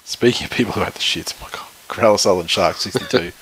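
A man's voice: sits low, fast talker, a bit bright, a little hiss or hum, poor audio. A man with an Australian accent co-hosting a casual sports chat, rambling and swearing freely with blunt opinions. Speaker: podcast co-host.

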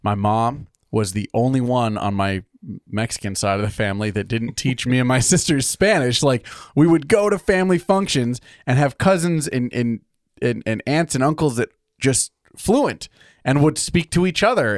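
With a medium-pitched voice, a podcast co-host from California spins animated stories in casual conversation and laughs readily. The recording is studio quality, with no room sound.

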